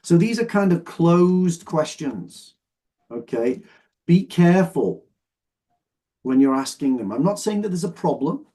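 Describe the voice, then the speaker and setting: Unhurried and warm, this fairly high-pitched male voice has lively intonation. He is teaching an online English exam lesson, sorting phrases as he patiently explains and frequently makes sure his students follow along.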